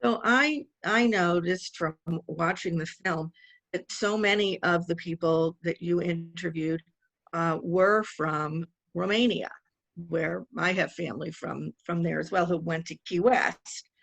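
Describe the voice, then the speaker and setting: A woman from Miami interviews a guest over a video call, measured and curious. Her voice carries a gravelly fry. The sound is dry and close. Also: fairly low pitch, steady tone, fairly bright tone, no echo, poor audio. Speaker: interviewer, museum director. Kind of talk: interview questions.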